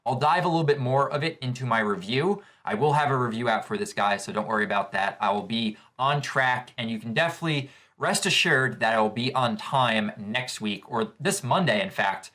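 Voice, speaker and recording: A man hosting a casual live reaction to a manga chapter, gushing with excitable exclamations as he reads along. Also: medium pitch, a little fast, hardly any pauses. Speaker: manga reaction channel host.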